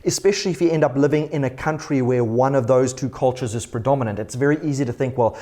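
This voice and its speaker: A middle-aged man speaks in a relaxed, conversational way, sharing personal stories. He chuckles often as he talks, and his voice sits at an ordinary middle pitch for a man. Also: fast talker. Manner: anecdotal, chuckles while telling stories. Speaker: church podcast co-host. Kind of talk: casual conversation.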